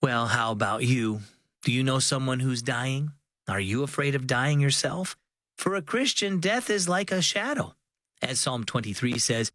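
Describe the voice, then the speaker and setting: A young man hosting a children's devotional program, giving friendly, clear scripted narration. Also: medium pitch, moderate pace, fairly bright tone, dry recording, faint music behind. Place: studio.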